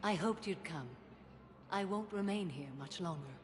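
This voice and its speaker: An actress playing a stern, solemn alien warrior woman who speaks in a calm, formal, restrained way. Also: medium pitch, normal speed, noisy background, close to an everyday voice.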